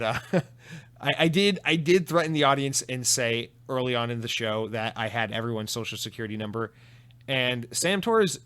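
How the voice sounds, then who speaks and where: A solo podcast host with a medium-pitched, slightly bright voice reads listener comments and chats casually. He rambles with many restarts and repeated words, swears now and then, and is self-deprecating.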